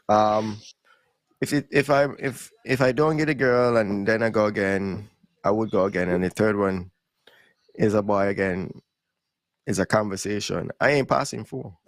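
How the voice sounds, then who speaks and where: A young man spins a casual podcast story in relaxed, creole-tinged English. His voice sits low with a gravelly edge. The sound is close and dry. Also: moderate pace, no echo.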